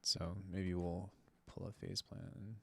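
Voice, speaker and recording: Man, very low voice, gravelly, casual beat-making chatter, self-deprecating muttering. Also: flat delivery, a little slow, darkish tone, dry recording. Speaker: music producer streamer. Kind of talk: casual thinking aloud while making a beat.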